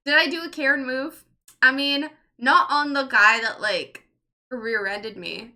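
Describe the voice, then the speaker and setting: High, sharp-voiced woman streamer. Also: unhurried. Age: 30s. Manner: rambling, lots of "like", swears freely. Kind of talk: casual livestream chat, reading chat.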